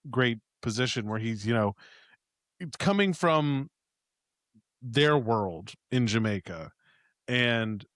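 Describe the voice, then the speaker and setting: A man's voice: mid-range voice, no echo, studio quality. A man co-hosting a podcast, chatting casually about a movie, joking and trailing into hesitant restarts. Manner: joking, laughs often, hesitant starts. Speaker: podcast co-host.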